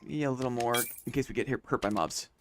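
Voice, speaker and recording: A man's voice: mid-range voice, quick pace, noisy background. A man chatting casually on a late-night game live stream, thinking aloud and repeating phrases to himself.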